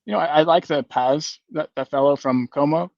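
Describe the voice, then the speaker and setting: A man's voice: fairly high pitch, moderate pace, vocal fry, a little mellow, no room sound, lo-fi sound. A man on a football panel talking thoughtfully, with plenty of hedges and fillers. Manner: thoughtful, hedging, filler-heavy. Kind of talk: casual football chat.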